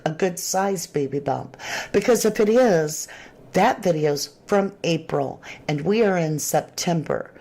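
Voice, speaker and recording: A woman hosting a true crime livestream, chatting casually and reading viewer comments aloud. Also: low voice. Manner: chatty, animated, Southern-tinged slang.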